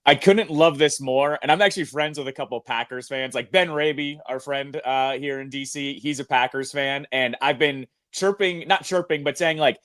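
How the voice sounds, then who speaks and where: A man's voice: medium pitch, moderate pace, hardly any pauses, a bit bright. A man co-hosting a sports podcast, teasing and chatty in casual talk. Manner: teasing, chatty, quotes others. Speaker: podcast co-host.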